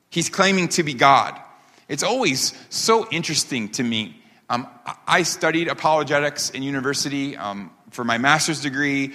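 A man preaching a sermon as pastor, emphatic, asking rhetorical questions and slowing down on key phrases. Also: medium pitch, bright, forceful tone. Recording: long hall reverb.

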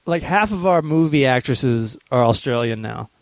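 A man's voice: medium pitch, expressive, normal speed, no room sound, highs cut off. A man in casual podcast chat who swears freely and laughs often. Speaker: podcast host.

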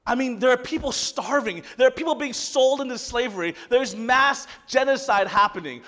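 A man preaching a sermon, telling a story that swings from loud excitement to hushed softness. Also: extremely high pitch, normal speed, hardly any pauses, in a large hall. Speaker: pastor.

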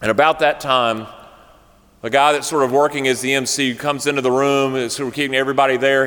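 A man's voice: a little high, fairly bright tone. Man preaching in an echoing hall. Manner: storytelling with a joke, then earnest exhortation. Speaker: pastor. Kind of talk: sermon. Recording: long hall reverb.

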